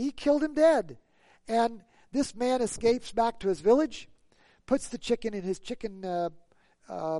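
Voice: medium pitch, a little mellow, no echo. A preacher giving a sermon in a conversational, storytelling way, rising to emphatic peaks and putting rhetorical questions to the congregation.

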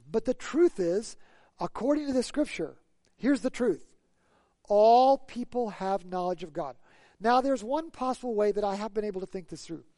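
Preacher, conversational sermon delivery with emphatic peaks, warm voice, dry recording. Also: mid-range voice, no room sound. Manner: storytelling, building to emphatic peaks; conversational, with rhetorical questions to the congregation.

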